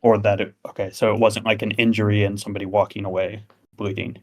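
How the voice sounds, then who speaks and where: A man playing a tabletop game who asks questions in a casual tone. His voice sits low. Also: level tone, fast. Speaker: player.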